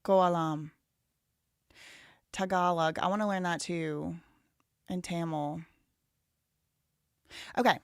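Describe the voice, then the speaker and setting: A woman's voice: fairly low pitch, fairly even intonation, takes it slowly, long pauses, clear, resonant tone, no echo, studio quality. A woman in her thirties hosting a live stream, rambling casually and thinking aloud with lots of "like" fillers. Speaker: livestream host.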